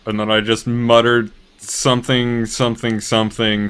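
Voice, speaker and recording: A man's voice: fairly low pitch, flat delivery, moderate pace, pushed and bright, slight background noise. A man playing a tabletop game, describing his moves in an offhand, mumbling way. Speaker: player. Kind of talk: casual game chat.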